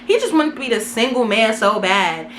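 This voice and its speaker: A young woman tells a story to her vlog camera in a dramatic, slangy way. Her high voice leaps up and down with lively energy. The tone is bright and forward. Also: normal speed, slight background noise. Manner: animated, dramatic retelling with slang. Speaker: vlogger. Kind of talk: casual storytime.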